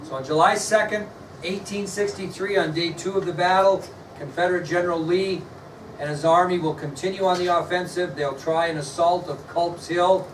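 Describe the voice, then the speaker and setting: A male history teacher lecturing a class, quizzing students and spelling words out slowly. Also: high voice, steady tone, slight background noise. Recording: echoey classroom, mic far off, faint ambience.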